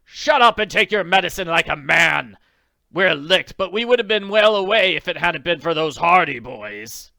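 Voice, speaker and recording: A man's voice: fairly high pitch, expressive, normal speed, vocal fry, bright, forceful tone, no room sound, clean studio sound, voice pushed up, full character voice. A man voicing a snarling male thief.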